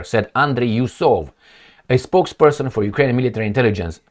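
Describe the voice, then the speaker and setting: Animated male commentator, lively pitch. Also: quick pace. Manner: animated, rhetorical, sarcastic. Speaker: political commentator. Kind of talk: casual opinion commentary.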